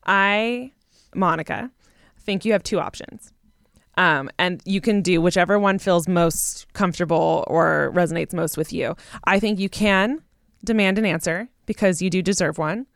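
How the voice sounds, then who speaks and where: A woman's voice: on the low side, moderate pace, gravelly, dry recording, studio quality. A young woman co-hosting a podcast, giving direct and encouraging advice in casual chat. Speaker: podcast co-host.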